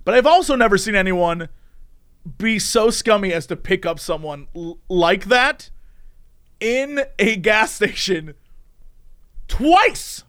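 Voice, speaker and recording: Animated, high-voiced man telling a story. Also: takes it slowly, long pauses, clear, resonant tone. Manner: animated, laughs often, acts out voices. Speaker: podcast storyteller. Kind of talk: casual storytelling chat.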